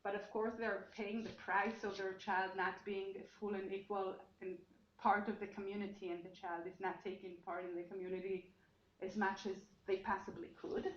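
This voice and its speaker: A woman presents her research at a seminar, explaining as she goes and often reworking her sentences mid-thought. Her voice carries through an echoey room with a dull, muffled tone and a faint hiss of noise behind it. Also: medium pitch. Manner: explanatory, thinking aloud with frequent restarts. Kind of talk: academic seminar talk.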